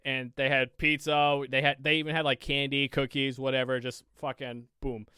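A podcast co-host telling a casual story, rambling with lots of fillers and swearing freely. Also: male voice, mid-range voice, level tone, moderate pace, bright, forceful tone, smooth, dry recording, clean studio sound.

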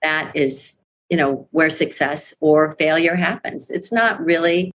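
Her voice is deep yet fairly bright, and she keeps a measured pace. This middle-aged interview guest discusses her career in network marketing candidly, with earnest emphasis and repeated phrases for impact.

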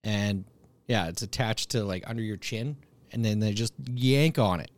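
A young man in casual chat, relaxed and swearing freely, laughing often as he tells a story. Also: lowish voice, moderate pace.

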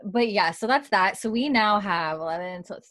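Her medium-pitched voice comes through studio-clean and echo-free, a bit bright and very expressive, at a moderate pace. As a young podcast co-host chatting casually, she recaps a TV episode with energy, performing characters' dialogue amid frequent "like" fillers.

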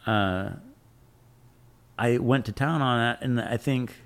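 A man's voice: mid-range voice, slow pace, clear, resonant tone. Rambling, swearing man telling a story. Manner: rambling, frequent fillers and profanity, acts out his own quotes. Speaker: tattoo machine builder, guest. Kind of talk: casual storytelling interview.

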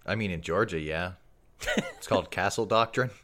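A man's voice: sits low, moderate pace, pushed and bright. A man co-hosting a podcast, chatting casually, joking and swearing and laughing often. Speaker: podcast co-host. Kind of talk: casual chat.

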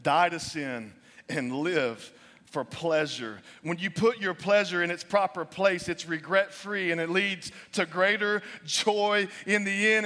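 A young adult man preaching a sermon as pastor, animated, sometimes dropping his voice low for emphasis. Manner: animated preaching, drops to near-whispers for emphasis. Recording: long reverb of a large hall.

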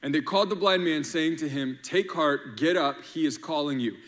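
A man preaches with a bright, forward voice pitched a touch high. He is lively and playful, jumping into acted-out quotes and rhymes to drive his points home. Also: normal speed, big-room sound. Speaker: pastor. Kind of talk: sermon.

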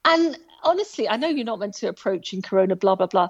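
A woman telling a story about her hike in a casual, animated way, full of asides and restarts. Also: medium pitch, quick pace, muffled recording. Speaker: guest recounting a hike.

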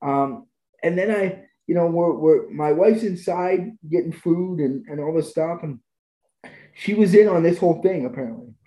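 Podcast guest, male, raised-pitch but very mellow dark tone, eager storyteller, roomy echo. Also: moderate pace. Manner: enthusiastic, gushing about experiences. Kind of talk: conversational storytelling.

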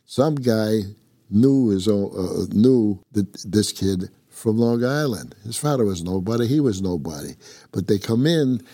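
A man's voice: fairly low pitch, lively intonation, measured pace, warm tone, no room sound, studio quality. An older man from upstate New York, a former prison inmate telling his story in a blunt, rambling, constantly swearing way. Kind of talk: casual profane storytelling.

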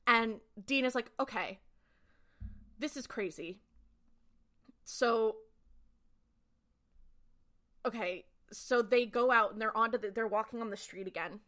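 A young woman co-hosting a podcast, retelling a TV episode in a quick, lively way and acting out the characters' lines. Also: fairly high pitch. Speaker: podcast co-host. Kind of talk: casual recap chat.

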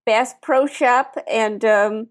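A woman's voice: a little high, slow pace. A woman hosting a playful live-stream game, chatty and full of little fillers. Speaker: game show host.

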